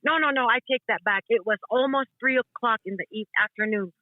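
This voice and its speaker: A woman's voice: fairly high pitch, brisk, no room sound. Woman on a tinny phone line. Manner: animated, acts out quoted voices. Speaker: guest potter. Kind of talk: casual storytelling.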